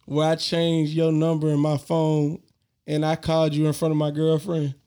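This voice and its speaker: A man's voice: fairly high pitch, moderate pace, smooth. Laughing man telling stories. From Georgia, US. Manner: animated, laughs often, slangy and profane. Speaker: podcast host. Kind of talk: casual storytelling.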